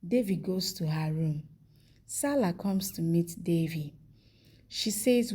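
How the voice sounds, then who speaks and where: Slow, husky woman narrating a recap. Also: lowish voice, animated, warm tone. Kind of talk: scripted plot recap narration.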